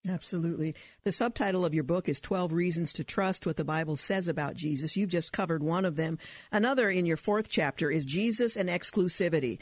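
A woman hosting an interview show, asking measured, slightly halting questions. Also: on the low side, no echo. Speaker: radio host.

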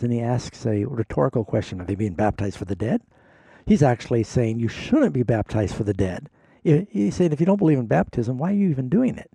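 A pastor co-hosting a call-in Bible show, explaining verses patiently and reading them aloud with careful emphasis. His voice is gravelly and dark, recorded close and dry. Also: medium pitch, expressive, fairly quick, no echo. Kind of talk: call-in radio Bible answers.

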